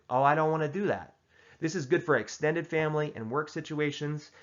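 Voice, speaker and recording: A mid-range male voice delivers deadpan, mock-serious, tongue-in-cheek tips in a casual comedic advice monologue he's hosting, often starting sentences over. It's captured with lo-fi sound.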